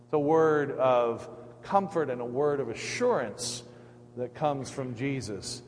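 A man preaching a sermon as pastor, conversational and reflective, pausing often with fillers. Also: medium pitch, darkish tone. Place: church. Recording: echoey hall, faint hum.

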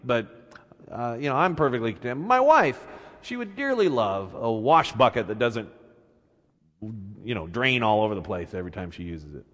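A humble, meek fisherman, as a preacher plays him, hesitant and stammering, softer and lower than the narrator. His apologetic voice carries a long hall reverb. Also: sing-song, normal speed. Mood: sheepish.

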